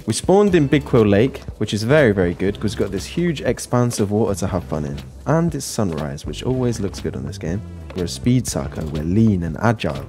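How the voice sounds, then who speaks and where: A man's voice: on the low side, sing-song, fairly quick, dark tone, faint music behind. A British man giving casual, chatty commentary over his own gameplay, joking with his viewers. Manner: playful, chatty, jokes to viewers.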